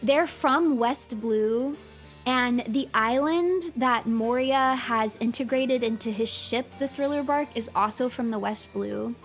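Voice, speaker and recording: A fairly high-voiced woman gives excitable livestream commentary, gushing and laughing as she talks, with plenty of "like" and "um". Soft music plays quietly behind her. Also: slow. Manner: excitable and gushing, laughs often, many fillers. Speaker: streamer.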